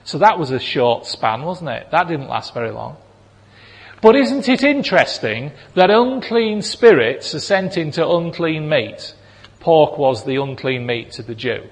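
A man's voice: a little high, measured pace. Man preaching in a reverberant hall. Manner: animated, acts out voices of people in the story. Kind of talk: sermon. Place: church hall. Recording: long reverb of a large hall.

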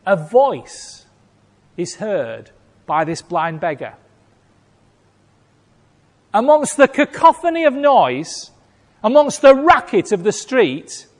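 A man preaching a sermon, telling a story with acted-out voices and big swings between loud and hushed. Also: high-pitched. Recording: long hall reverb.

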